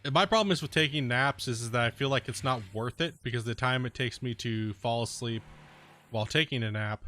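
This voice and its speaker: A man's voice: medium pitch, a little fast, sharp tone. A young man with a soothing voice, chatting casually and jokingly with viewers while he plays a game. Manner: laid-back, joking, slangy. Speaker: live streamer.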